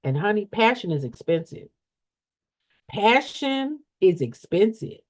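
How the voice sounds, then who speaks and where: Blunt, animated woman coach. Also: mid-range voice, a little slow. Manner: blunt, repetitive, preachy with rhetorical questions; folksy, slangy talk. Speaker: nonprofit funding coach. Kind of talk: emphatic motivational teaching. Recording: dull lo-fi sound.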